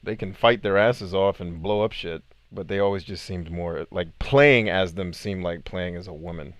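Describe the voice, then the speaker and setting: Low-voiced man chatting on a game stream. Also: moderate pace, no room sound. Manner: animated, laughs often, swears casually. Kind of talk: casual live-stream chat while gaming.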